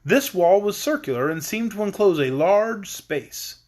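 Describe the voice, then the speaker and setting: A man reads a children's storybook aloud, his voice sitting high and swinging widely in pitch. His narration is lively and expressive. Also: unhurried. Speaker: audiobook reader.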